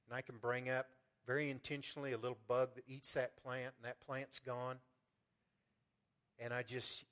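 A man preaching a sermon in a folksy way, repeating words and swinging from loud fervent peaks to quiet storytelling. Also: medium pitch. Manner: preaching with rising fervor, then soft storytelling. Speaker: pastor.

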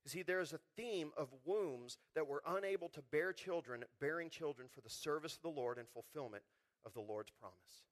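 A man preaching a sermon, lively and conversational, acting out the people in his stories. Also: a little high, normal speed. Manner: animated, acts out quotes in voices. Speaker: pastor.

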